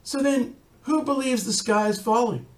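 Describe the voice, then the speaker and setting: A rabbi giving an earnest recorded talk, telling a story and adding wry asides. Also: male voice, very high-pitched, normal speed, echoey room.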